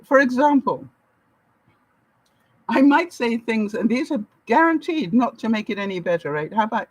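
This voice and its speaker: A woman's voice: a little high, expressive, normal speed, pauses often, no echo, low-quality recording. A woman from Canada giving casual advice to her viewers, laughing often and acting out the lines she quotes. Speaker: vlogger. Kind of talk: casual advice talk to camera.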